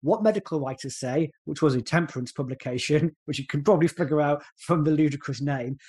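A man's voice: fairly high pitch, darkish tone. A man co-hosting a comedy podcast, joking and sarcastic as he reads from his notes. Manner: jokey, sarcastic, breaks into quick silly voices. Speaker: podcast co-host. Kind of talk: casual comedic podcast chat.

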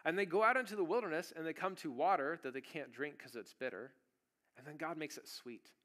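A male pastor preaches in a church sanctuary, telling his story casually before breaking into sudden loud bursts. His voice is fairly high and his pace brisk.

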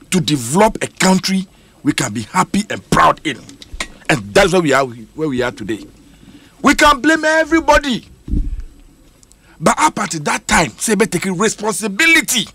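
On a heated radio panel in a studio, a Ghanaian-accented man argues emphatically, moving back and forth between Twi and English. His voice sits high and is bright and forceful, with a breathy edge.

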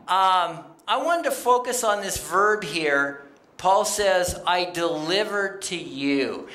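Slow, lively church sermon voice. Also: mid-range voice. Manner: animated, plainspoken, quoting scripture and addressing the congregation. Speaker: guest speaker on missions. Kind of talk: conversational sermon. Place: church sanctuary. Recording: roomy church acoustics.

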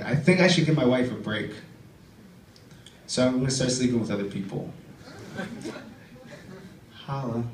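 A man's voice: medium pitch, a little mellow. A man doing rambling stand-up stories and spoken-word poems at an open mic, full of loose "like"s and "uh"s. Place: club stage before a live audience. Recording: roomy live room, distant mic, faint background noise.

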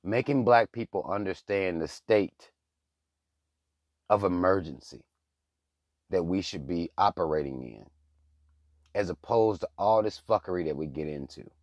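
A man's voice: sits low, measured pace, pauses often, no room sound, highs cut off. A man hosting his own channel, giving blunt, profane, heated political commentary in a casual rant. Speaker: channel host.

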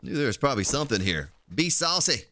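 A man's voice: medium pitch, very animated, fast talker, sharp tone, a little hiss or hum. A man streaming a game, chatting casually and thinking aloud as he plays. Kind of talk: casual gameplay commentary.

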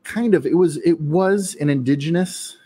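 A man co-hosting a casual podcast, telling a long story with many ums and pauses. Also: fairly high pitch, mellow, breathy edge, no echo. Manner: hesitant, many ums, laughs often. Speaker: podcast co-host. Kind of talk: casual chat, rambling anecdote.

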